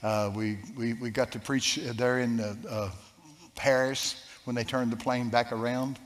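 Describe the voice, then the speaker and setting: A man's voice: medium pitch, measured pace. Folksy male preacher in a big echoing hall. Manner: folksy, animated storytelling, some stammering. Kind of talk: sermon with personal story. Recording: long reverb of a large hall.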